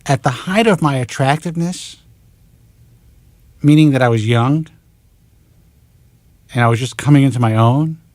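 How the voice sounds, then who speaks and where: A man in his forties with a New York accent, hosting a talk show and ranting in an animated, exasperated monologue into a close studio mic. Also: mid-range voice, moderate pace, pauses often, dry recording. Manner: animated, exasperated, swears in clipped letters.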